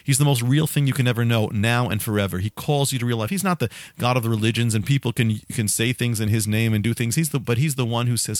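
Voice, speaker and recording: A man's voice: mid-range voice, fast talker, hardly any pauses, dry recording. A man preaching an evangelistic sermon, speaking in an earnest, pleading way and often repeating and restarting his phrases.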